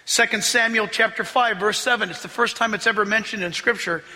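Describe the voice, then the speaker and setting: A man preaching a sermon as a pastor, excitable, often laughing and rising to shouts as he reads scripture. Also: high-pitched, a little fast, in a large hall.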